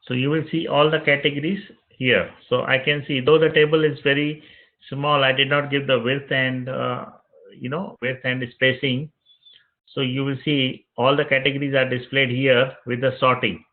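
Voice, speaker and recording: A man teaching web development, narrating each click of a screen-recorded software tutorial step by step and repeating phrases as he goes. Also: medium pitch, little pitch movement, moderate pace. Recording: tinny phone-like audio.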